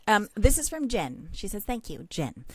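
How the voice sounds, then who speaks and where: A woman's voice: medium pitch, very animated, normal speed, crowd noise. A woman hosting a podcast, reading out listener questions in an upbeat, encouraging way. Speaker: podcast host.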